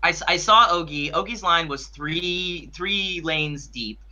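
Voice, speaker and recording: A man's voice: on the high side, measured pace, pushed and bright. A man co-hosting a podcast, telling a story in casual chat with lots of restarts and fillers. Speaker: podcast co-host.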